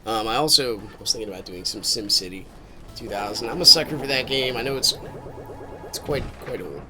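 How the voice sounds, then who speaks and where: A man's voice: medium pitch, expressive, a little fast, over music. A man streaming a game with casual commentary, rambling and thinking aloud as he drifts into musings.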